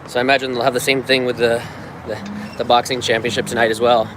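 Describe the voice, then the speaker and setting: Easygoing male vlogger from the US narrating a walking tour on a phone, city noise clear behind. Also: mid-range voice, little pitch movement, quick pace. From United States. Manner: chatty, easygoing, laughs often. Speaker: vlogger and circus performer. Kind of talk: live-stream walking tour. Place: outdoors on a city street. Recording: outdoor street noise.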